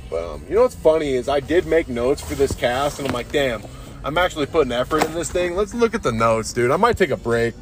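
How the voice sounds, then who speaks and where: A man's voice: mid-range voice, big pitch swings, a little fast, music in the background. A tipsy man hosting a casual, rambling podcast monologue, swearing freely and saying "dude" constantly. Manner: profane, says "dude" constantly. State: tipsy from drinking beers. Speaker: podcast host.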